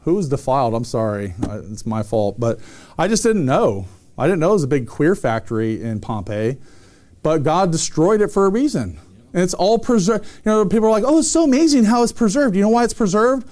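A man's voice: a little high, animated, fairly quick, darkish tone. A man preaching a sermon, reading scripture and then commenting on it in an emphatic, conversational way with frequent restarts.

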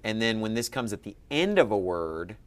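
Male teacher, low register, encouraging one-on-one quizzing. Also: very animated, moderate pace. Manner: patient, quizzing, upbeat. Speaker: Ancient Greek teacher. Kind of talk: one-on-one lesson.

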